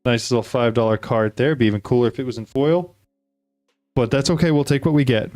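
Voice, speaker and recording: Chatty excitable man opening trading cards. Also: medium pitch, brisk, dry recording, studio quality, faint music behind. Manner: excitable, chatty, talks to the viewers, reads card text aloud. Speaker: card-opening video host. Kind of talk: casual card-opening commentary.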